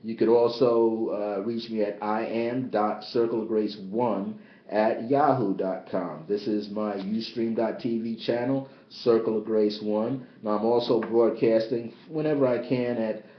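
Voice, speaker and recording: A man, a bishop and spiritual teacher, giving a livestreamed spiritual teaching into a tablet, emphatic and repetitive, swinging between loud high exclamations and low, subdued asides. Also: fairly even intonation, unhurried. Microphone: tablet device. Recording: roomy, dull lo-fi tablet livestream.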